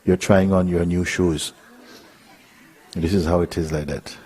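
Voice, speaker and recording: A man speaking as a spiritual teacher to a live audience, telling a gentle story with frequent chuckles. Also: sits low, steady tone, measured pace, slightly rough. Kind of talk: relaxed satsang talk.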